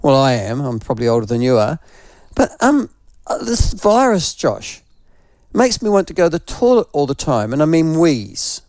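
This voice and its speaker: Older NZ radio host, unwell with flu, fairly high voice, rambling self-deprecating yarns, dry studio sound. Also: male voice, very animated, normal speed, darkish tone, no room sound. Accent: New Zealand. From New Zealand. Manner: rambling, self-mocking storyteller. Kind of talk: casual morning radio chat.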